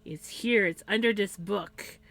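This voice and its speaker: A greedy male housecat pleads for a treat in a whiny, begging voice, as a woman speaks for him. The begging is unhurried and drawn out. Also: medium pitch, gravelly, fairly bright tone.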